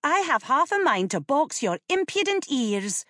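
A haughty noblewoman snaps in a high, scornful voice, as a woman narrator puts her on. Her lines rise sharply and swing widely in pitch, delivered slowly in a dry, close sound. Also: very animated, pushed and bright, dry recording, heavily acted. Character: haughty, hot-tempered noblewoman.

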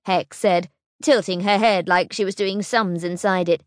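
A woman narrating a children's storybook audiobook in an expressive, storytelling manner. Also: mid-range voice, unhurried, no room sound, clean studio sound.

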